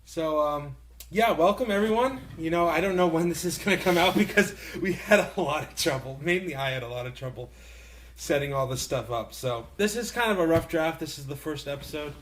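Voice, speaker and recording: A man's voice: fairly high pitch, animated, a little fast. A young man hosting a casual podcast on a handheld mic, rambling and laughing often. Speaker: podcast host. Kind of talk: casual chat.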